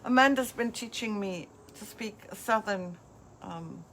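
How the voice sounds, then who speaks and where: A woman's voice: mid-range voice, measured pace, a bit bright, slight background noise. A woman hosting a live craft demonstration, chatting as she walks viewers through each step. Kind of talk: live craft product demo.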